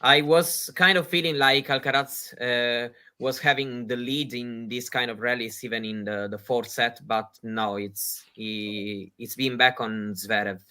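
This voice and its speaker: A man's voice: medium pitch, steady tone, a little slow, hardly any pauses, bright, forceful tone, smooth. A man co-hosting a live tennis watchalong, talking through rally stats with hesitant fillers. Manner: hesitant, many fillers, stat-minded. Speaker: podcast co-host. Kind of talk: casual live watchalong chat.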